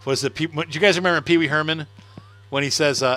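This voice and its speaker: A man's voice: a little high, quick pace, sharp tone, soft background music. A middle-aged man chatting casually on a game livestream, laughing often and answering viewer comments. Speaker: gaming livestreamer. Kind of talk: casual live-stream chat while playing.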